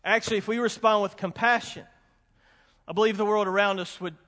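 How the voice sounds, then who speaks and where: A pastor delivers a sermon in a strikingly high voice, pressing his points by repetition and slipping in folksy jokes. His words ring out with the long reverb of a large church hall. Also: steady tone, fairly quick, pushed and bright. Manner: emphatic, repeats warnings, folksy asides. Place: church sanctuary with congregation.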